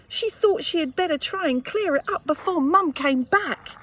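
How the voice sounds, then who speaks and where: Give me a woman reading a picture book to kids, high and gentle, with sympathetic little asides. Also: expressive, moderate pace. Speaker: storyteller. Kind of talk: children's picture-book read-aloud.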